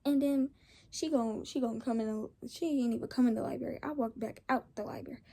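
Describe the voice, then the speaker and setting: A woman's voice: on the high side, a little fast. A young woman casually telling a storytime, rambling along with slang and lots of restarts. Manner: rambling, animated retelling with slang.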